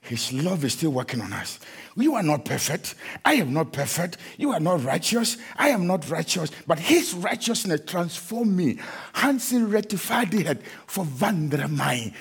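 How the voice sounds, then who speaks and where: A man's voice: fairly high pitch, sing-song, measured pace, vocal fry, breathy edge. A middle-aged man preaching a sermon, not a native English speaker, often slipping into sung, chanting refrains. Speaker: pastor.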